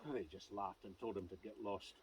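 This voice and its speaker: A Scottish man telling a local legend outdoors in a lively, conversational way with asides to his listeners. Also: lowish voice, a little fast, slightly rough, rough recording. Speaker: clan society vice president. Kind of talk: outdoor folk storytelling. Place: outdoors by a standing stone.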